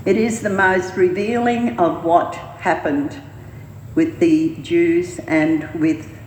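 A woman's voice: fairly low pitch, steady tone, slow, a little mellow, a little hiss or hum. A woman giving an informal sermon at a church meeting. She rambles and hesitates, with many fillers and restarts. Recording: roomy hall reverb, faint ambience.

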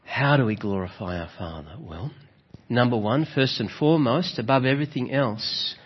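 A man preaching a gentle, reflective sermon, often adding rhetorical tag questions. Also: lowish voice, breathy edge. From Australia. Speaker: pastor. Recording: slightly dull, lo-fi sound.

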